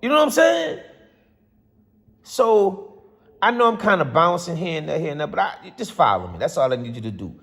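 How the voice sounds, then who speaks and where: A man's voice: fairly high pitch, animated, brisk, a bit bright. A man ranting passionately to camera as a vlogger, rambling and repeating himself. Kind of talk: casual football rant to camera. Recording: long hall reverb.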